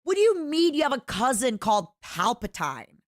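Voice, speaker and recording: A woman's voice: sits high, big pitch swings, normal speed, dry recording, studio quality. A woman from Eastern Europe streaming, chatting playfully with her chat and often breaking into giggles. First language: French-schooled, non-native English.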